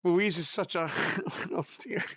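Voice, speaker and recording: A man's voice: high-pitched, slow, sharp tone, slightly rough, no room sound. A man from the United States chatting casually with his live-stream audience in a chatty, giggly way, with an unusual voice. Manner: chatty, giggly, reacts to chat.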